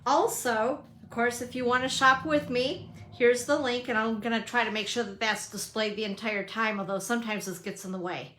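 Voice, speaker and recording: A woman's voice: on the high side, fairly bright tone. A middle-aged woman hosting a casual live crafting stream, chatty and upbeat, greeting viewers by name. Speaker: papercrafting demonstrator and live stream host. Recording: echoey room.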